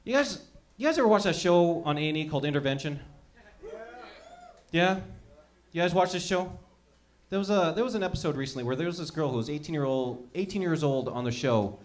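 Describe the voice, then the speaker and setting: A young man with a high-pitched voice performs a stand-up set. He rambles through profane, animated stories. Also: fairly quick, pauses often. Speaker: stand-up comedian.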